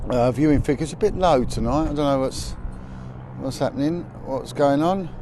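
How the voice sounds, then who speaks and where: This livestream host has a slightly high voice and a moderate pace as he chats casually outdoors, calling out viewers by name. He's holding his phone on a high vantage point over the city as the sun sets, with faint traffic audible in the outdoor audio.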